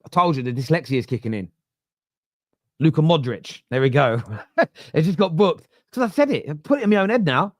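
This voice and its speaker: A man from London's East End with a Cockney accent, hosting a live football watchalong in a chatty, self-mocking way and breaking into shouted excitement at near misses. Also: on the high side, a little fast, no room sound, studio quality. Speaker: watchalong host.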